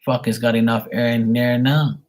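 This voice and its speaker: A man's voice: medium pitch, flat delivery, normal speed. A man chatting casually with viewers on his live tarot stream, blunt and swearing freely.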